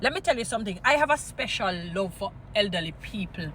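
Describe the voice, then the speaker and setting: Fiery, bright-voiced Jamaican woman preaching. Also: medium pitch, fast talker, slight background noise. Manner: animated, preachy, mixes patois and English, scolding. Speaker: vlogger. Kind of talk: impassioned commentary with Bible stories.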